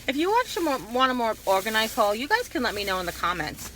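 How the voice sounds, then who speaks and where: In a rambling haul video, a YouTube vlogger chats casually, often breaking off and restarting her sentences as she digresses. Her voice is a little high and sing-song, with a quick pace and a sharp tone over slight background noise.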